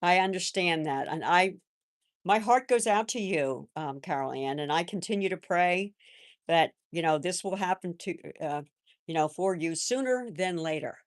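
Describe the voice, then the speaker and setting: An older woman hosting a live stream, chatting in a gentle, rambling way and answering viewers' comments. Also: fairly low pitch, animated, moderate pace, no room sound, clean studio sound. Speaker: livestream host. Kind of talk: casual live-chat talk.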